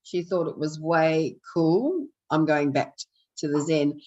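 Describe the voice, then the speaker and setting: A woman hosting a radio show, talking in a slow, reflective way. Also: low-pitched, warm tone, dull audio. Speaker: radio host. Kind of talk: casual radio chat.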